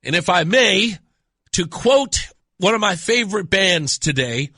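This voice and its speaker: An American man hosting a radio talk show, his voice hoarse and rough from a cold, talking in an animated, teasing, opinionated way. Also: a little slow, no echo. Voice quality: deep rough voice. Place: radio studio. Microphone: studio microphone.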